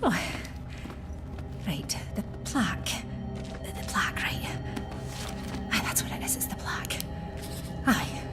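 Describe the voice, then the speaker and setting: A woman's voice: medium pitch, lively intonation, slow pace, pauses often, fairly bright tone, whispered, soft background music. An actress playing a confused, forgetful elderly mother who murmurs and wanders in a game cinematic. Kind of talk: video game cinematic acting.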